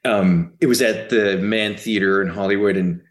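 A man's voice: fairly low pitch, steady tone, normal speed. A middle-aged man, a guest on an interview podcast, laid-back and humble, laughing often. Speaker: actor guest. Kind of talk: casual interview chat.

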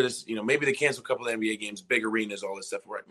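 Bright-voiced young man telling a story. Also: on the low side, steady tone, very fast, hardly any pauses. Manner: rambling, retells scenes by quoting himself and others. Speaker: podcast guest, former college basketball player. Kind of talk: casual storytelling interview.

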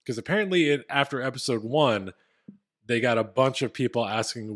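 A man co-hosts a podcast, telling a story in a casual, wry way with a mid-range voice that's fairly quick and a bit bright. He comes from Philadelphia, though his accent isn't heavy, and the talk is easygoing chat.

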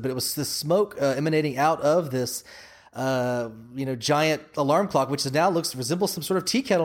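A man co-hosting a podcast, talking loosely and casually, hedging with "kinda" and swearing now and then. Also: fairly high pitch. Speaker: podcast co-host. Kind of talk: casual chat.

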